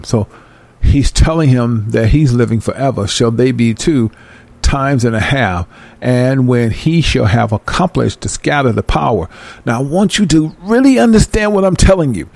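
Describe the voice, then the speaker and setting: Guy doing an excited bible study, reads verses then gets fired up, dry close sound. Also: mid-range voice, vocal fry, no echo. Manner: reads verses then breaks into fervent commentary; emphatic, animated, apologizes for going fast. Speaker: bible teacher. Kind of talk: excited scripture study talk.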